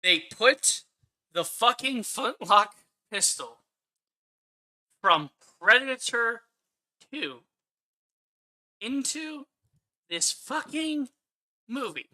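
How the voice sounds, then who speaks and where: A man's voice: very high-pitched, animated, very slow, pauses often, sharp tone. A man ranting angrily on a live stream as he reviews a film, swearing often and repeating his points for emphasis. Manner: angry, profane ranting.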